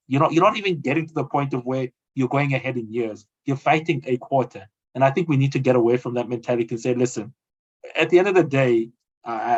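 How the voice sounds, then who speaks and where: South African male guest, rhetorical and forceful in argument, mid-range pitch, muffled recording. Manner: emphatic and rhetorical, acts out quoted voices. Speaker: guest commentator. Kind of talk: conversational argument. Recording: dull lo-fi audio.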